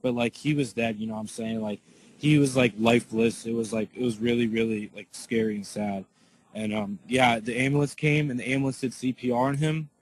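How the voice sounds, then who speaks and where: A man giving a casual spoken eyewitness account to his viewers, answering questions in a halting way full of "like" and restarts. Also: medium pitch, fairly even intonation, breathy edge, rough recording. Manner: halting, filler-heavy, lots of "like" and restarts.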